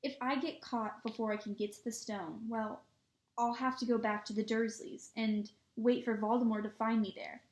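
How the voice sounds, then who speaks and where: A woman's voice: on the high side, flat delivery, moderate pace, dull audio, lightly acted. A woman voicing a determined, defiant boy wizard in a storybook reading, speaking urgently and insistently, in an echoey room.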